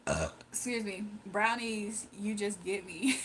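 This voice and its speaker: A woman's voice: medium pitch, a little slow, a bit bright, slight background noise. A woman hosting a casual livestream, chatting playfully with viewers, reading their comments and laughing often. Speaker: livestream host.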